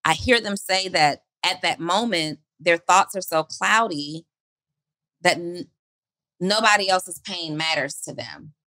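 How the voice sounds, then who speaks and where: A woman's voice: fairly low pitch, measured pace, bright, forceful tone, no echo. A woman co-hosting a podcast, talking earnestly about not quitting and repeating her questions for emphasis. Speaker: podcast co-host. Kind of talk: motivational podcast talk.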